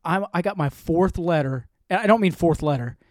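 A man's voice: on the high side, brisk, dry recording, clean studio sound. A man co-hosting a podcast, telling a story in a profane, defiant rant. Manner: profane, defiant, animated ranting. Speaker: podcast co-host. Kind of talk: casual podcast chat.

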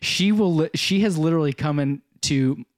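Animated storytelling male podcast host. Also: a little high, normal speed, no echo, studio quality. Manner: animated storyteller, acts out quotes, laughs often. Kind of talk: casual podcast chat.

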